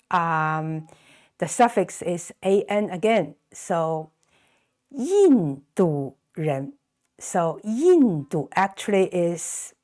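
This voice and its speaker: A woman with a Chinese accent, a native Chinese speaker, teaching a beginner's language lesson and patiently repeating words slowly for learners. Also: medium pitch, a little mellow. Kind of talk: slow explanatory online lesson.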